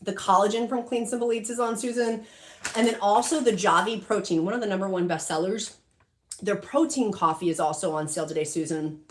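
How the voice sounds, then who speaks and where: Speaking a little fast in a mid-range voice, a middle-aged woman runs a shopping livestream. She reads viewer comments aloud and chats casually and emotionally, using lots of fillers.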